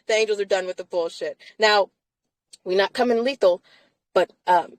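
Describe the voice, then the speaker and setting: A woman's voice: mid-range voice, measured pace, no room sound, poor audio. A woman hosting a casual live chat from inside a car, talking emphatically and laughing often between phrases.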